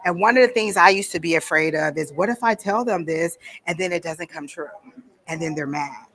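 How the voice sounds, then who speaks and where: A woman's voice: fairly low pitch, fairly quick, a bit bright. A woman teaching a workshop at a psychic fair, talking casually and bluntly and acting out the voices she quotes. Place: event room at a psychic fair.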